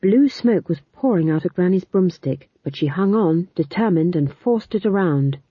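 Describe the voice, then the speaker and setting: A woman reads a comic fantasy story aloud in a lively, expressive way. Her voice sits low and a touch husky, dry and close. The sound is thin and phone-like. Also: moderate pace, dry recording. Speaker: narrator. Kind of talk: audiobook narration.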